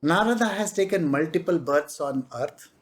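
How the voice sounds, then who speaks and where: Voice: medium pitch, expressive. A spiritual master giving a devotional discourse, telling a parable with frequent chuckles. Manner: slow storytelling, chuckling.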